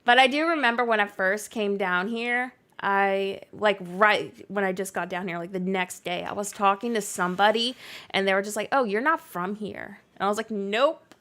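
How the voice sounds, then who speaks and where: A woman's voice: medium pitch, fairly even intonation, normal speed, fairly bright tone. A woman streamer with a mixed Canadian and Southern US accent, chatting casually while she plays and reads out viewer comments. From near Canada. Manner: chatty, reads chat aloud, frequent likes and laughs. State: recovering from illness. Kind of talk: casual chat while gaming. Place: home.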